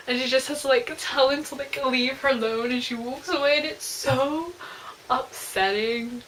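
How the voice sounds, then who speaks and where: A woman chatting casually about a novel she loved, excitable and gushing, exclaiming at the characters. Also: sits high, normal speed, a little hiss or hum, poor audio. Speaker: book reviewer. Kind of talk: casual book review chat.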